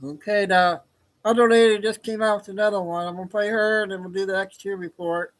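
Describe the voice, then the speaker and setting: A man's voice: high-pitched, steady tone, fast, rough recording. A man hosting a live stream in a rambling, hesitant, casual way. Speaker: stream host.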